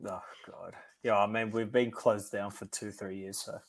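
A man's voice: fairly low pitch, level tone, moderate pace, a crowd in the background. Easygoing male podcast host. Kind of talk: casual podcast chat, wrapping up the show.

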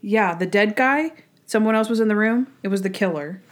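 A young woman co-hosting a podcast, chatting casually with a giggly, animated storytelling manner. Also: mid-range voice, a little fast. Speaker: podcast co-host. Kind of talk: casual chat, storytelling and episode review.

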